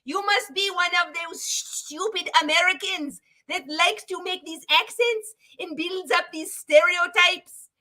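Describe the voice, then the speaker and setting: A woman voicing a mock-accented male sales coach, loud and exaggerated. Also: very high voice, a little slow, voice pushed up, exaggerated voice. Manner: loud, exaggerated, cracking with laughter.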